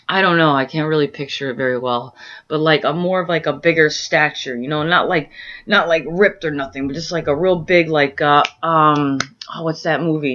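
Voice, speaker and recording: A woman's voice: deep voice, a bit bright. A woman at home talking casually in a meandering, earnest way, full of fillers and restarts as she searches for words. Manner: earnest, introspective musing. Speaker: vlogger sharing spiritual experiences. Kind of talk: casual rambling monologue. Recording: muffled lo-fi audio.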